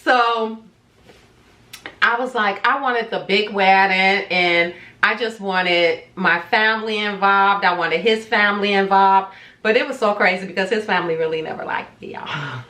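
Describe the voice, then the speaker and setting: Her voice is mid-range and sharp, with a measured pace and a reverberant sound. As a vlogger, she shares a personal story casually and dramatically, chatting with viewers and acting out quoted lines.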